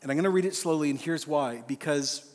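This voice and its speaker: A man preaching an earnest, emphatic sermon at a men's conference. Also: fairly high pitch. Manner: earnest, emphatic, slows for a read-out prayer. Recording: live hall reverb, faint music.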